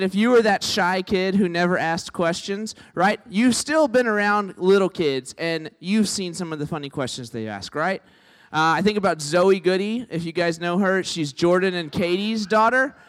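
Man preacher, easygoing sermon voice slightly above average in pitch, joking and telling stories about himself. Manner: conversational, tags lines with "right?"; self-deprecating storyteller.

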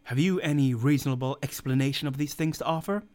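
A man voicing a calm, wry ship's surgeon who answers in a firm, matter-of-fact way. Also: mid-range voice, fast, close to an everyday voice. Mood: dry.

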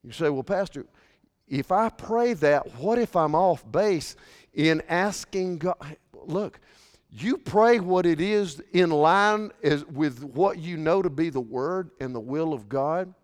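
A man pastor preaching a sermon, swinging from hushed, intimate lines to shouted, passionate ones. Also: fairly high pitch, slow. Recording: long reverb of a large hall.

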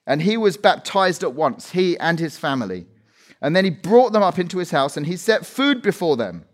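Animated preacher man, higher voice. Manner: animated storytelling, acts out quotes. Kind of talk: sermon. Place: church meeting room.

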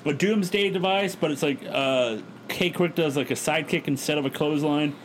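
A man with a somewhat high voice talks through a recap in a loose, joking way. He co-hosts a casual chat podcast. A faint hiss sits under the recording. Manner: recaps quickly, joking, acts out quotes. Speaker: podcast co-host recapping wrestling.

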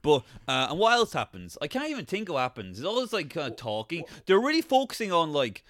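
A man's voice: a little high, wildly swooping pitch, fast talker, fairly bright tone, dry recording. A man co-hosting a podcast, casually recapping a TV show in a rambling way and slipping into silly character voices. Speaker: podcast co-host.

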